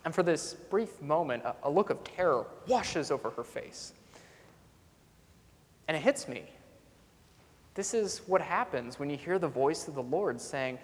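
A man's voice: a little high, animated, moderate pace, a bit bright. A man preaching a sermon as a pastor, telling a story earnestly and coming back to a repeated refrain. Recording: long reverb in a large hall.

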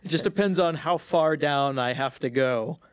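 A man's voice: a little high, normal speed, clear, resonant tone, no room sound. A man from Philadelphia co-hosting a casual chat, speaking in a dry, matter-of-fact way. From Philadelphia, USA. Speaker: podcast co-host.

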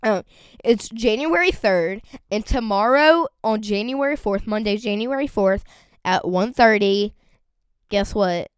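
A teenage girl chatting casually on a podcast, rambling and excitable, with a voice that cracks. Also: medium pitch, measured pace, smooth, no echo. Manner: rambling and excitable, lots of fillers. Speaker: vlogger.

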